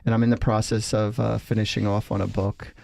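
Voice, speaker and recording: A man's voice: fairly low pitch, flat delivery, a little fast, gravelly, darkish tone, no room sound. A man with a New Jersey accent, a psychic guest on a radio talk show, talking in an effusive, rambling, spiritual way. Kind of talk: casual radio chat.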